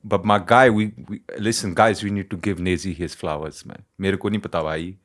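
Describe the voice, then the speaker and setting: A man with an Indian English accent hosting a casual music reaction, excitable, swearing and laughing often. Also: low voice, racing. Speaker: reaction video host.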